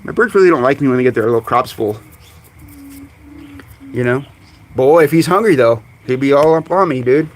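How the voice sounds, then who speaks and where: A man hosting a casual live stream outdoors among his birds, chatting away and calling to them in high coaxing tones, recorded on a phone. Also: animated, normal speed, pauses often. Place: outdoors in a bird yard on a sunny day. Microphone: phone camera.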